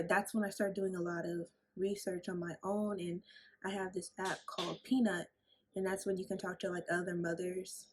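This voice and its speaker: This is a young woman vlogging from her home, her voice sitting a little low with a soft, breathy edge. She tells her story candidly, full of fillers and restarts. Behind her, a fan hums and men shout over a video game. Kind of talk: casual chat. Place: at home indoors. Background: fan noise and men playing a video game.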